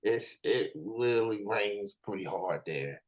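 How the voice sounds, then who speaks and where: A man's voice: on the low side, animated, a crowd in the background, rough recording. Easygoing American man hosting a chat. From United States. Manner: easygoing, drawn-out fillers, chuckles. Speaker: host. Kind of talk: casual interview chat.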